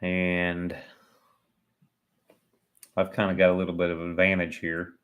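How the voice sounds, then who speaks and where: A livestream commentator gives chatty, self-mocking live commentary on a sporting event, joking and laughing at himself. His low-pitched voice is completely flat and unhurried, and the audio sounds narrow and tinny.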